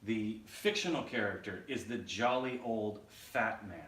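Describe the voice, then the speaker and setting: Fairly low-pitched and a bit bright, this man talks at a measured pace as a podcast co-host. His casual chat is blunt and opinionated with plenty of swearing, captured with a distant mic, roomy echo, and faint background noise.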